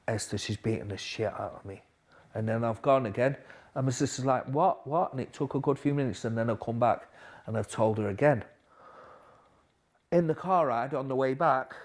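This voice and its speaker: A man speaks as a podcast guest, with a voice of middling pitch. His story comes out halting and low, full of restarts, and it gets quieter where the story is hardest. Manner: quiet, halting storytelling with restarts, dropping softer at hard moments. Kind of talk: recovery story interview.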